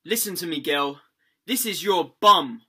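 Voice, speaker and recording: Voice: mid-range voice, animated, unhurried, heavy background noise. A speaker barking absurd commands in a bossy comedic rant. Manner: barking orders.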